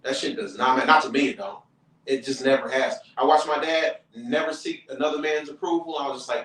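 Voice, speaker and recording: A man who is a comedian hosting a casual podcast, telling stories in a lively way and acting out other people's voices, with plenty of profanity. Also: mid-range voice, brisk. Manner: animated storyteller who acts out quoted voices, profane. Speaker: comedian and show host. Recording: roomy, distant mic.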